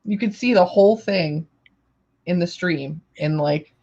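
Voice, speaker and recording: A woman hosting a casual chat on a live stream, animated and acting out quotes, her voice a little worn. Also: fairly low pitch, unhurried. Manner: animated storyteller, acts out quotes loudly. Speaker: host. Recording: dull lo-fi stream audio.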